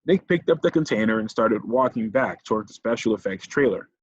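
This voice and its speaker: Brief: husky male narrator, dry close read, lo-fi. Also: on the low side, fairly quick, no room sound. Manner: steady storytelling. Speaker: audiobook narrator. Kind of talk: audiobook reading. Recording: dull lo-fi recording.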